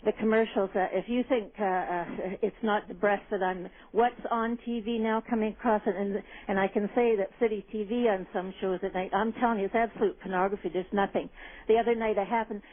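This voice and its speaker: Woman caller, rambling, indignant, tinny phone line, mid-pitched voice. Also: steady tone, brisk. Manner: rambling, indignant, repeats "absolutely". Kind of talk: call-in radio chat.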